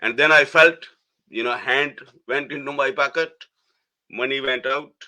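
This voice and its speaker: Middle-aged guy telling his story real slow, bright tense voice, keeps restarting. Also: medium pitch, steady tone. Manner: halting, restarts phrases, soft laughs between words. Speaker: guest. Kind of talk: personal storytelling in an interview.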